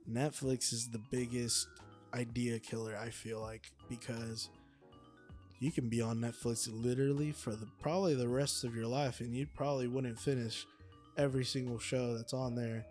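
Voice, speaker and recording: A man co-hosting a relaxed podcast talk. He speaks at a middle pitch in a reflective, agreeable way, often leaning on "you know". Soft music sits faintly in the background. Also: moderate pace. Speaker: podcast co-host. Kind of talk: casual chat.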